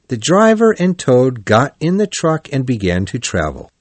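A man reading a children's storybook aloud as narrator, in an even, clear storytelling delivery. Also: mid-range voice, moderate pace, no echo.

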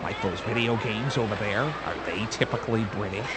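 A man's voice: on the low side, a little fast, very noisy, natural voice. A young man with an American accent acting a joking, always-hungry newlywed husband in a scripted learner dialogue. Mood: teasing. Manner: joking, wheedling. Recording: music playing behind.

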